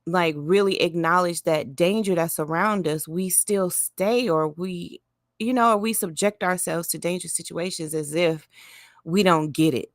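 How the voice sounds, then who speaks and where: Creaky-voiced woman musing. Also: lowish voice, no echo, studio quality. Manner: musing, halting with restarts. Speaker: reaction commentator. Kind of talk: reaction commentary.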